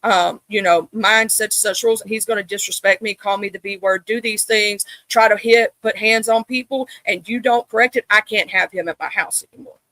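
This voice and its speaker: A woman co-hosting a casual talk show, telling animated stories in which she acts out a stern mama voice. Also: mid-range voice, a little fast, few pauses, dry recording. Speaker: podcast co-host. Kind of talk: casual chat.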